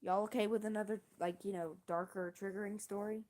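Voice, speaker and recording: A woman streamer casually telling a long story on a livestream, halting and restarting often, with casual swearing. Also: medium pitch, steady tone, darkish tone. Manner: rambling, halting, with many restarts and fillers.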